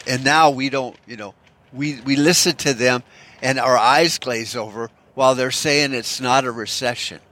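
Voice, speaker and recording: A man's voice: mid-range voice, normal speed, bright, forceful tone. A man giving rambling, profane, sarcastic commentary, unscripted and full of restarts.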